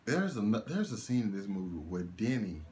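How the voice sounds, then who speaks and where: A man's voice: fairly low pitch, normal speed, slight background noise. A young man giving a casual one-take movie review, ranting in disbelief, laughing and swearing as he goes. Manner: animated, laughing, incredulous rants with swearing.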